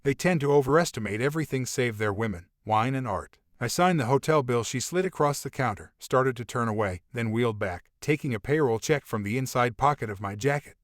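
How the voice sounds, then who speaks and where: A man reading a first-person memoir as an audiobook narrator, measured and wry. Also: medium pitch, expressive, no room sound, clean studio sound.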